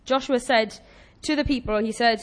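A woman preaching a sermon in a chatty, animated way, laughing often and acting out the voices of the people she quotes. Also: on the high side, normal speed.

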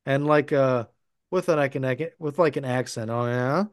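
A man's voice: medium pitch, moderate pace, no echo. A man from Minnesota with a mid-range voice talks casually on a podcast. He explains carefully, step by step. The sound is dry and close. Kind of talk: casual movie-discussion chat.

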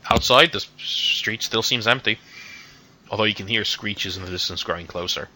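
Man, game master, low pitch, bright tone, descriptive, filler-heavy narration. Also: moderate pace. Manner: descriptive, hesitant, many fillers.

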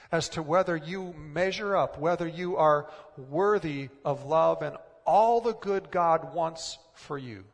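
A man preaches with earnest, coaxing warmth, his voice rising into emphatic swells as he presses a point. His voice sits a little high for a man. A long hall reverb trails behind every phrase. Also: vocal fry. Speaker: pastor. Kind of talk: sermon.

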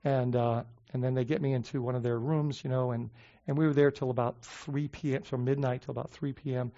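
A man preaching a sermon in a loose, conversational way, with lots of fillers and restarts, who slows down to stress his points. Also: mid-range voice, steady tone, warm tone. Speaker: pastor. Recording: dull lo-fi sound.

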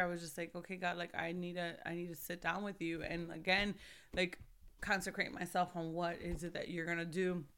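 A woman's voice: on the low side, fairly bright tone, clear, resonant tone. A young woman hosting a faith podcast, talking earnestly and urging her listeners to keep going. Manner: earnest, preachy, urges the listener. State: recovering from losing her voice. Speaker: podcast host. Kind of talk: faith encouragement talk.

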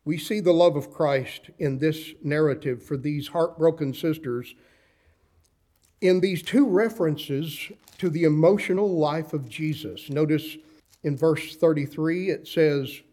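A man in his sixties, a pastor preaching a sermon with slow, impassioned delivery and dramatic pauses, reading scripture in old-fashioned wording. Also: fairly high pitch, mellow.

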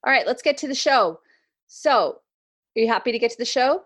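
A woman hosting a podcast in a relaxed, conversational way. She moves from friendly chat into calm, reflective advice as she introduces the episode's theme. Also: on the high side, brisk, dry recording. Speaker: podcast host.

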